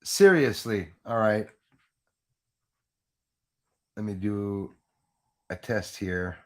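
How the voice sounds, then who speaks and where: A man's voice: on the low side, drawn-out words, a little mellow. Rambling man hosting a live stream. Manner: rambling, restarts often, laughs at own jokes. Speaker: livestream host. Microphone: Yeti USB microphone.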